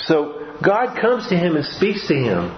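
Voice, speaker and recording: A man's voice: on the high side, wildly swooping pitch, measured pace, a little hiss or hum. A man preaching a sermon in a church, earnest and given to restarts and repeated words. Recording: roomy, dull-sounding recording.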